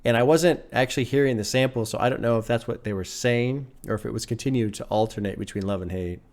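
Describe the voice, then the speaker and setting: Man, music reaction host, excited, cursing, laughing, average pitch. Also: fast talker. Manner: excited, swears often, breaks into laughs. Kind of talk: casual music reaction commentary.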